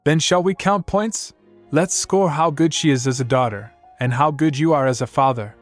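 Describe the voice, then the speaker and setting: A man's voice: fairly high pitch, normal speed, soft background music, pitched above the performer's own voice, natural voice. A man voicing a clever, blunt little girl princess in a storybook recap, talking in a matter-of-fact way.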